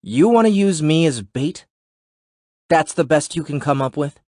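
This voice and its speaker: A wary, sarcastic journalist who doesn't buy what he's told, as a male narrator voices him. Lifted a little above the narrator's low register, in a dry, close audiobook sound. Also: expressive, measured pace, a little mellow, no echo. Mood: skeptical. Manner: skeptical, sarcastic.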